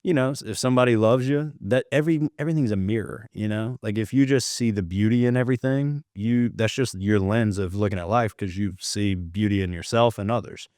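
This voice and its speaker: A man's voice: fairly low pitch, brisk, few pauses, darkish tone, dry recording, studio quality. A man in a casual podcast conversation, telling stories in a laid-back way and saying dude often. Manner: laid-back storyteller, calls people dude, swears casually.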